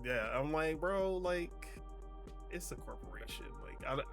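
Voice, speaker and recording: A young man talking casually on a podcast, rambling and restarting his sentences. His voice sits a little high, and faint music plays underneath. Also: expressive, a little slow, fairly bright tone. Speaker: podcast co-host. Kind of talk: casual chat.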